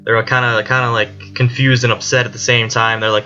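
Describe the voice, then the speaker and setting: A man's voice: medium pitch, level tone, a little fast, bright, forceful tone. A man, a student, giving a casual spoken summary of a book chapter, rambling along with many "like" fillers. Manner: rambling retelling full of "like" fillers. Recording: dull lo-fi recording with faint music.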